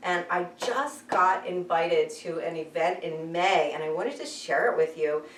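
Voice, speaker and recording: A woman guest, an animal communicator, telling stories in an animated, chatty way and laughing often. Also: lowish voice, measured pace. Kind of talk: casual storytelling interview. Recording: echoey room, distant mic.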